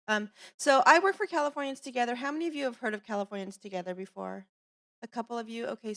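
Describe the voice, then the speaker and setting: A woman's voice: mid-range voice, fairly bright tone. A woman presenting at an educators' workshop in a training room, asking the audience friendly questions. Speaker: coalition staff presenter. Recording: voice a bit far from the mic.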